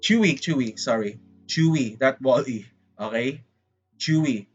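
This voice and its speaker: A man with a Filipino accent chatting casually on a livestream, rambling and excitable, often saying "freaking". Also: mid-range voice, a little slow, husky, muffled recording, soft background music. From Philippines. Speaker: VTuber streamer.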